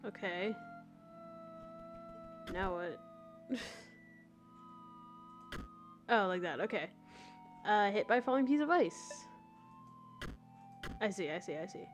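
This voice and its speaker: A woman's voice: medium pitch, lively intonation, slow, long pauses, music in the background. A young woman live-streaming a game, giggling often, rambling, and reading the game text aloud.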